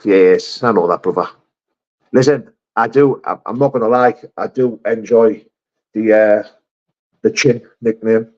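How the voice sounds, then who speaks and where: Reading out his chat, a middle-aged man from England answers viewers bluntly during a casual livestream, calling them mate and brother. His fairly low, slightly mellow voice comes through dull audio.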